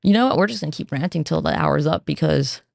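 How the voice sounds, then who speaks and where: Gravelly, swearing woman ranting on a podcast. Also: deep voice, fast, no room sound, studio quality. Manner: swears a lot, rambling, animated. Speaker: podcast host. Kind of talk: casual solo rant.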